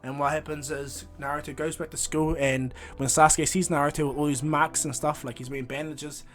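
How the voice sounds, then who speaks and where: A man's voice: fairly high pitch, flat delivery, a little fast, soft background music. A man casually retelling a fan story, rambling with restarts.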